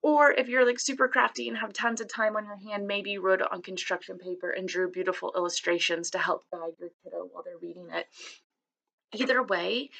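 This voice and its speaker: A woman's voice: mid-range voice, creaky, fairly bright tone, low-quality recording. A woman coaching parents in a casual, chatty, encouraging way, with offhand asides. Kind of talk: casual instructional talk.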